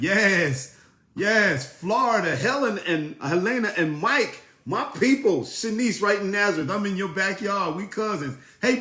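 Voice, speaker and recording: A man's voice: sits high, bright, forceful tone, roomy sound. A man from South Jersey hosting a casual livestream, greeting viewers by name in an upbeat, familiar way. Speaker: livestream host.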